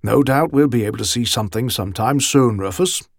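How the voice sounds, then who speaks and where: Brief: calm young lieutenant, soothing and dryly ironic, gravelly tone, voiced by a male audiobook reader. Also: mid-range voice, fairly quick, dry recording, clean studio sound, natural voice.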